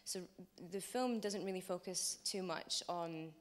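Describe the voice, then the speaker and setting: A woman's voice: on the low side, a little slow. A woman filmmaker presenting her personal documentary at a workshop, reflective and using frequent "um" fillers. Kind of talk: project pitch at a workshop.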